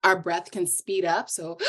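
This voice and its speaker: A woman yoga instructor explaining her practice in a calm, measured way as a podcast guest. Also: medium pitch. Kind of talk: calm explanatory interview talk.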